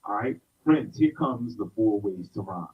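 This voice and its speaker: A man's voice: fairly low pitch, lively intonation, a little slow. A middle-aged man from South Carolina teaching a hip-hop rhyming workshop to a group, upbeat and playful, with call-and-response. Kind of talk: interactive workshop lesson. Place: indoor room with an audience. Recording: roomy, distant, dull sound.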